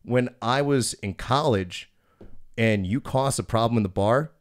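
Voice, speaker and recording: A man's voice: medium pitch, measured pace, no room sound, clean studio sound. A man in his thirties hosting a podcast, telling a bouncer story in a blunt, profane, casual way.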